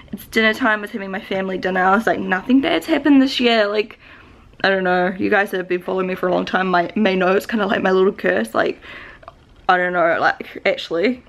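A woman's voice: medium pitch, little pitch movement, quick pace, vocal fry. A young New Zealand woman with a New Zealand accent, rambling to the camera in a confessional vlog, upset and holding back tears, with many likes and restarts. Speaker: vlogger.

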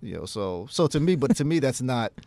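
A man's voice: medium pitch, big pitch swings, brisk, creaky, darkish tone. A man in his thirties, a jazz pianist and teacher, telling stories in a casual radio studio interview and acting out his own past conversations.

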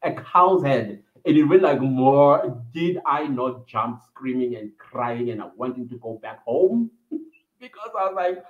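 Male vlogger telling a story, mid-pitched, rambling, tinny phone-like sound in an echoey room. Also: animated, measured pace. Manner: reminiscing, meandering with fillers. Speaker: vlogger hosting a livestream. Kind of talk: personal storytelling.

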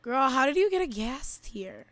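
High-voiced giggly woman gaming. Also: very animated, normal speed, fairly bright tone. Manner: giggly, chatty, calls her friend "girl", sing-song chanting. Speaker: gameplay video host. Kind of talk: casual gaming chat.

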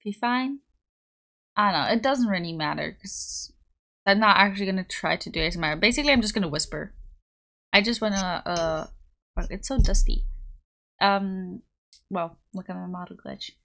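A woman's voice: medium pitch, moderate pace, long pauses, sharp tone. A young woman livestreaming from home into a desktop mic, chatting casually with her chat in a bubbly, rambling way. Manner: bubbly, rambling, giggly, reads chat aloud. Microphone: desktop USB mic.

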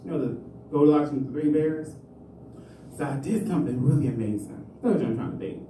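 At an open mic on a small comedy club stage, a male stand-up comedian rambles through self-mocking material and often laughs at his own jokes. His voice is a little high and warm, and he talks at a quick pace. The recording has a roomy club sound picked up from far off, with faint noise.

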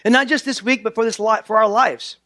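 A pastor with a very high, sharp-toned voice delivers a church sermon at a brisk clip and with fairly even intonation. He speaks earnestly, reinforcing points through repeated key phrases, in a dry, close recording with little room sound.

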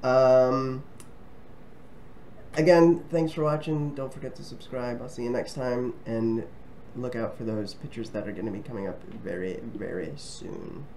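A man's voice: medium pitch, a little slow, noisy background. A man casually talking to camera as a travel vlogger, friendly and rambling, with frequent ums and restarts. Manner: friendly and chatty.

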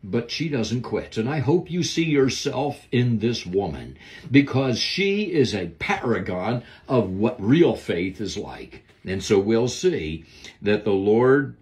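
Slow, earnest male Bible teacher. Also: medium pitch, very animated, darkish tone. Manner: earnest, emphatic preaching. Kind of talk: devotional Bible lesson.

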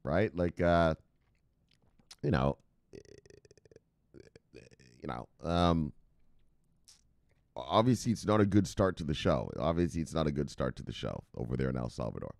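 A brash, profane man talks straight to his viewers in casual solo commentary. His pitch swings all over the place, and he chuckles as he goes. The recording is dry and close, with no room sound. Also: sing-song, measured pace, creaky, long pauses, darkish tone, dry recording. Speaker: host of a crypto news channel.

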